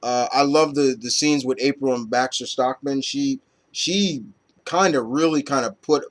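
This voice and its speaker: A man's voice: medium pitch, measured pace. Rambling casual comic reviewer, man. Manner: rambling, loose, lots of fillers and casual swearing. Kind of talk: casual chat.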